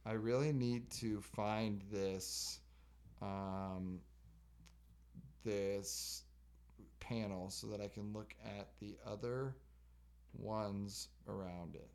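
A man's voice: lowish voice, fairly even intonation, drawn-out words, long pauses, a little mellow, clear, resonant tone. A man co-hosting a podcast in casual chat, joking and breaking into exaggerated folksy voices. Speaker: podcast co-host.

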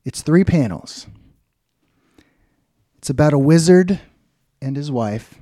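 A man co-hosting a casual podcast, laid-back and deadpan, cursing now and then. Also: fairly high pitch, takes it slowly, no room sound, studio quality. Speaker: podcast co-host. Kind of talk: casual chat.

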